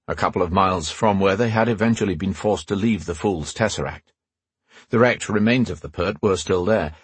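A man with a low, strongly husky voice narrates a fantasy audiobook. His reading is measured, with lively pitch. He sits close to a mic in a dry booth. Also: dry recording. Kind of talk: scripted narration.

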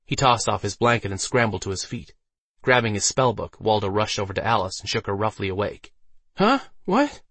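A man narrating a fantasy audiobook with steady storytelling delivery. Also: lowish voice, brisk, no room sound.

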